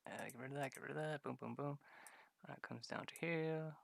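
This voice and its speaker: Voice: medium pitch, a little fast, gravelly. A streamer chatting casually while drawing maps, rambling, swearing freely, often laughing at themselves.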